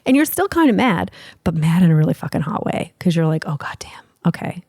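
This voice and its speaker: A woman's voice: on the low side, big pitch swings, fast, dark tone, dry recording, clean studio sound. A woman hosting a podcast as a relationship expert, talking candidly and casually, swearing freely and acting out little exchanges. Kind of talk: casual explanatory talk.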